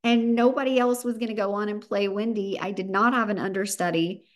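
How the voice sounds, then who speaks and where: A woman's voice: mid-range voice, steady tone, fairly quick. A woman in her thirties with a Southern US accent, hosting a motivational podcast in an upbeat, emphatic pep-talk manner. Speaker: podcast host.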